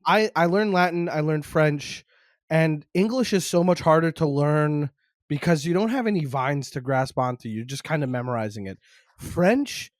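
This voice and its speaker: A man's voice: a little high, moderate pace, no room sound, clean studio sound. A young man from Montreal, a stand-up comedian, chatting casually as a podcast guest and telling jokey stories. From Montreal, Quebec. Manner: animated, jokey storytelling.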